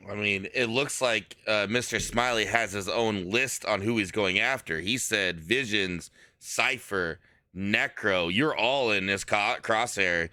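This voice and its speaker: A man doing comedic wrestling commentary in a measured, incredulous manner. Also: fairly low pitch, pushed and bright, no room sound, clean studio sound.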